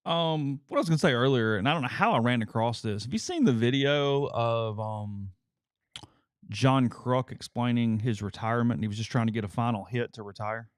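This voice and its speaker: A man co-hosting a sports talk show, reading ads and telling a rambling, animated story in casual chat. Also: medium pitch, moderate pace, clear, resonant tone, no room sound, clean studio sound. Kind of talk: casual chat and live ad reads.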